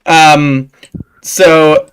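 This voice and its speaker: A man's voice: fairly high pitch, level tone, drawn-out words, fairly bright tone, smooth. A man narrating a tabletop game as dungeon master, hesitant, with many fillers.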